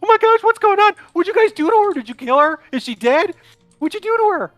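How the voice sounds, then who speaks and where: A man's voice: extremely high pitch, sing-song, quick pace, a bit bright, dry recording, voice pushed up, full character voice. A man voicing a panicky, easily frightened young noble boy in a tabletop game, firing off frantic repeated questions. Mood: panicked.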